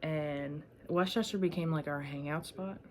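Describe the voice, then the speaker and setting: A woman's voice: deep voice, normal speed. A young adult woman telling casual stories in a vlog, rambling and swearing freely as she remembers things. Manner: rambling, profane, animated storytelling. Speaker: vlogger.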